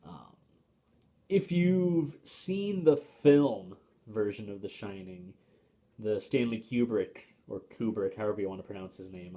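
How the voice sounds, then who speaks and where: A man's voice: on the low side, mellow. Hesitant young man reviewing a book. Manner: hesitant, many fillers and restarts, opinionated. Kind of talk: casual spoken book review.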